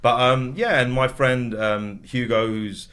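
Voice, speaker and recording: Bright-voiced chatty man. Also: mid-range voice, unhurried, clear, resonant tone. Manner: lively storyteller, slips into silly voices. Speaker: podcast guest. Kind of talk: casual chat.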